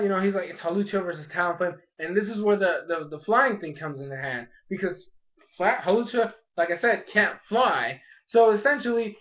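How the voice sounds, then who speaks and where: A young man casually reviewing an anime episode, rambling and animated, acting out the characters' lines as he goes. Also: high-pitched. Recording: dull lo-fi sound.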